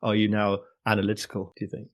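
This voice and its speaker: A man's voice: lowish voice, completely flat delivery, quick pace. Attentive male podcast host. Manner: attentive, frequent short backchannels. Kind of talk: interview questions.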